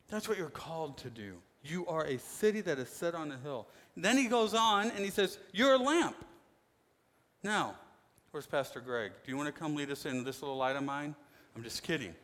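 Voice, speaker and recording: Emphatic male pastor preaching in a hall. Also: on the high side. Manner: emphatic preaching, swings from loud to soft. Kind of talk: sermon. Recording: long hall reverb.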